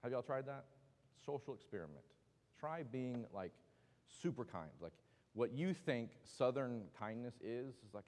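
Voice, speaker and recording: A man's voice: mid-range voice, big pitch swings, moderate pace, a little mellow, in a large hall. A man teaching a Bible class in a casual, joking way with lots of asides. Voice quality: joking, chatty, with many asides. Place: church meeting room.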